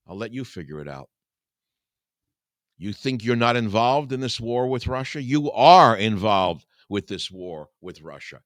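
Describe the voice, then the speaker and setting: An older radio talk host reads scripture aloud and then launches into an impassioned rant, preaching and rising to angry outbursts. His medium-pitched voice is very animated and a little slow. The studio sound is clean, with no room sound.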